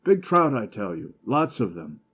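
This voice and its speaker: A man voicing a drunk, boastful old Italian fishing guide who talks rapidly in broken English. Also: fairly low pitch, big pitch swings, a bit bright, breathy edge, lo-fi sound, heavily acted.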